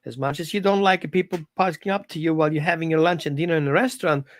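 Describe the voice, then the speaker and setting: Animated dog trainer teaching live. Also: mid-range voice, quick pace, no echo. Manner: animated, conversational, coaching tone. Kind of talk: informal live-stream lesson. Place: at home.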